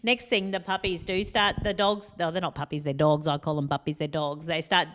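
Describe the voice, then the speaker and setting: A woman's voice: low voice, brisk. Chatty woman telling funny stories. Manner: chatty, animated, laughs often, rambling asides. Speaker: support worker and vlogger. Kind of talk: casual storytelling.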